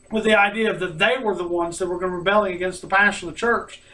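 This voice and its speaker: Bright high-voiced preacher, distant mic. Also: male voice, steady tone, fast talker, hardly any pauses. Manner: earnest, acts out mocking quotes of opponents. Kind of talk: sermon.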